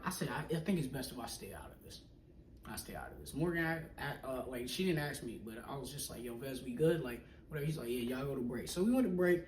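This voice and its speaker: A young man casually telling a personal story in slangy talk, acting out what people said and often dropping to a hush. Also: mid-range voice. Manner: animated, slangy, acts out quoted people, often drops to a hush. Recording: echoey room, mic at a distance, faint noise.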